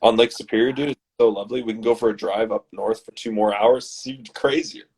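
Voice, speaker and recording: A man from Canada, hosting and reading his comedy scripts aloud in a dramatic, animated way. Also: on the low side, fast, breathy edge. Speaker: host and scriptwriter.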